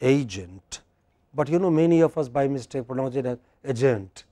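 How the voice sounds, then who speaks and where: A man with an Indian English accent teaching a university class, speaking slowly and emphatically and quizzing his students. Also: medium pitch, dark tone, no room sound, studio quality. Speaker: lecturer. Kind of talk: classroom lecture.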